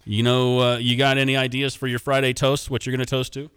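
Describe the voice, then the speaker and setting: A man hosts a sports radio show in easy, joking banter. His voice sits at an ordinary pitch and is recorded dry and close. He rattles off call-in numbers and ribs his partner. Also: monotone, a bit bright, clean tone, no room sound. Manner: joking, quick back-and-forth.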